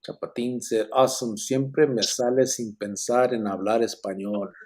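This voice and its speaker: A man's voice: mid-range voice, fairly even intonation, moderate pace, darkish tone. A man hosting a casual live podcast, reading chat comments aloud in a laid-back way, swearing freely and dropping Spanish words.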